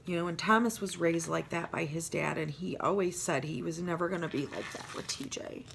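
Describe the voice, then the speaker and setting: A grandmother decorates planner pages on her vlog, chatting in a rambling, heartfelt way and trailing off into asides. Her voice is fairly low and creaky, she talks fairly quickly, and there's background noise.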